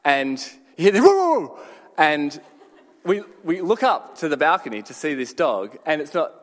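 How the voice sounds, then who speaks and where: A man preaching a sermon, telling a story with dramatic pauses and sudden shouted bursts. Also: medium pitch. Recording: long hall reverb.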